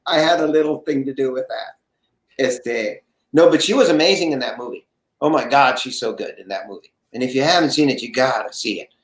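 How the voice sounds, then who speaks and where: Animated storytelling man, roomy sound. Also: mid-range voice, a little fast. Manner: lively storyteller, acts out quoted voices. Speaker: guest actor. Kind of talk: animated anecdote telling.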